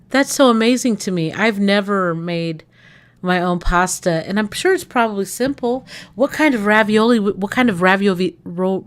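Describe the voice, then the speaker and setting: A woman hosting a casual livestream, chatting excitedly. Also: medium pitch. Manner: excitable, gushing, talks to viewers. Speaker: livestream host.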